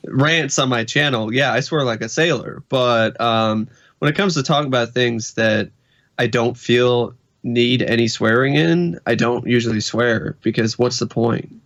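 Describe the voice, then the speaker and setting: A man's voice: mid-range voice, unhurried, fairly bright tone, muffled recording. Rambling man, podcast co-host. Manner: rambling, many fillers, blunt swearing when angry. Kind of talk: casual podcast chat.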